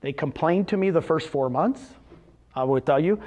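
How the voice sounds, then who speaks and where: A man presenting at a seminar in front of a live audience, his voice sitting a little high for a man. He talks in an animated way, firing questions at the audience and answering them himself. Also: moderate pace. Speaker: presenter at a real estate seminar. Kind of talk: motivational seminar talk.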